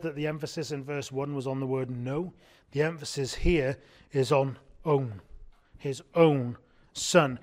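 A man preaching a sermon in an earnest way, often asking his congregation rhetorical questions. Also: fairly high pitch.

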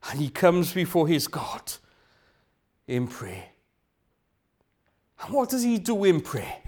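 A man's voice: fairly high pitch, very animated, slow pace, a little mellow. A man preaching a sermon. He asks rhetorical questions, repeats phrases for emphasis and sometimes drops to a whisper.

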